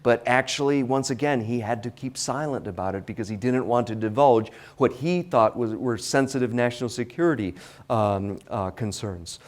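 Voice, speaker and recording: A man's voice: mid-range voice, moderate pace. A man giving a history lecture, hesitant and full of fillers and restarts. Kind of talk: public lecture. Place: library lecture hall.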